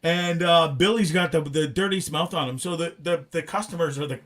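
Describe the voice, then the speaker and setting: Bright-voiced rambling talk show host. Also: male voice, a little high, fairly quick. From Canada. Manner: animated, rambling, swears freely. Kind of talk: casual live show chat.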